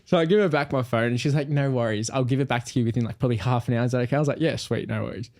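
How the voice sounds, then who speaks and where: A man's voice: mid-range voice, racing, darkish tone. A young man, a podcast co-host telling a story casually and animatedly, acting out quoted voices.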